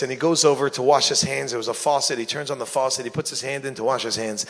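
A man from New York telling a long comic story, lively and acting out each character. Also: mid-range voice, quick pace, few pauses. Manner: lively, acts out every character. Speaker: comedian. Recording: long reverb of a hall.

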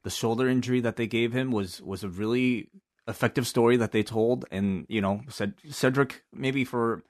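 A man's voice: medium pitch, moderate pace. A man co-hosting a casual podcast, talking in a hesitant way with lots of fillers. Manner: hesitant, many fillers and restarts. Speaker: wrestling podcast co-host. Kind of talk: casual chat.

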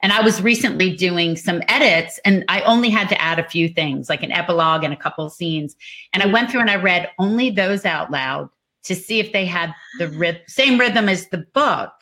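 A woman's voice: lowish voice, animated, normal speed, sharp tone. A woman co-hosting a casual chat, reading out listener comments and talking about her editing. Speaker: co-host.

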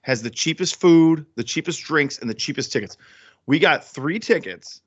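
A man's voice: fairly high pitch, lively intonation, moderate pace, breathy edge. A man co-hosting a casual sports podcast, telling rambling stories and swearing freely. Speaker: podcast co-host. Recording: dull lo-fi sound.

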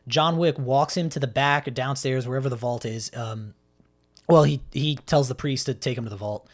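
A man in relaxed conversation walks through a story step by step. He rambles a little, trips over restarts and fills gaps with ums and likes. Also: mid-range voice, moderate pace. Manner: rambling retelling with acted-out quotes and many fillers. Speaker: podcast co-host recapping a film. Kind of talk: casual chat.

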